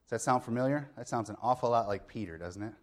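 A middle-aged male pastor gives a sermon in an easy, conversational style, with a voice of ordinary pitch for a man. He explains his point bit by bit and asks the congregation rhetorical questions. He often checks in with a quick "okay?". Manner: explains step by step, with frequent "okay?" check-ins.

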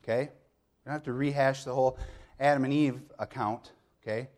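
Speaking in a slightly mellow voice of typical male pitch, a middle-aged pastor delivers an easygoing sermon. He builds his argument step by step, asks rhetorical questions, and often pauses for a brief "okay?" check-in.

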